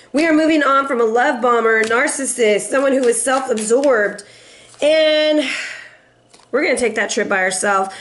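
A woman's voice: high-pitched, fairly bright tone. A woman doing a casual tarot reading in a sassy, playful way, laughing often and teasing her viewers. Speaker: tarot reader.

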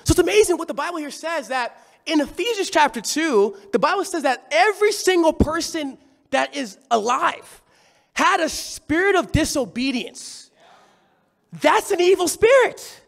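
Male preacher with an unusually high, expressive voice; animated, conversational sermon delivery. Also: normal speed, vocal fry.

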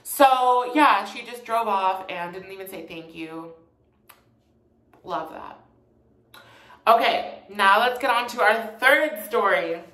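A woman's voice: mid-range voice, lively intonation, slow, long pauses, bright, forceful tone. A young woman chatting through a storytime vlog with a sassy, gossipy tone and plenty of fillers. Her mid-range voice bounces around an echoey room. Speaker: vlogger.

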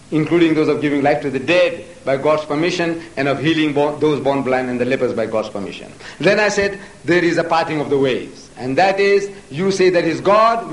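A man answering audience questions in a public debate, talking forcefully and piling up rhetorical questions. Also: on the high side. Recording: echoey hall, mic far off.

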